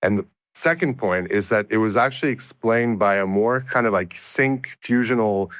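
Low-voiced male researcher explaining findings. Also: fairly bright tone, no echo. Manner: measured, explanatory, with frequent restarts. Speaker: researcher guest. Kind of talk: interview answers.

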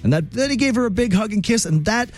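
A man's voice: high-pitched, expressive, fast, faint music behind. A man hosting a talk radio show, telling a story in a chatty, emphatic monologue.

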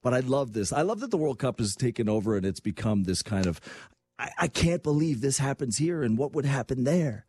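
Husky, animated radio talk host. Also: male voice, medium pitch, fairly quick. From Canada. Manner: energetic, rambling, animated. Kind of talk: fast casual radio talk.

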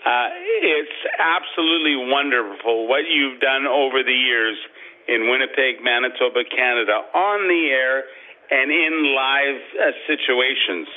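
A man calling in to a radio show, speaking with warm praise and many hesitant fillers. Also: mid-range voice, a little slow. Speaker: caller. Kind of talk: phone call to a radio show. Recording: tinny phone line.

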